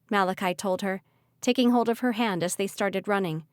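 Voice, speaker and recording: A woman reading a young-adult fantasy audiobook in an expressive, vivid way on a close mic. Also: medium pitch, a little fast, clear, resonant tone, no room sound. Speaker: audiobook narrator. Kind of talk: audiobook narration.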